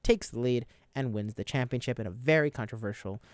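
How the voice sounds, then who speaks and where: A man talks through a motor race in a casual sports chat, retelling the events in lively detail. His voice is smooth and resonant, recorded close and dry with no room sound. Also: medium pitch, a little fast, no echo.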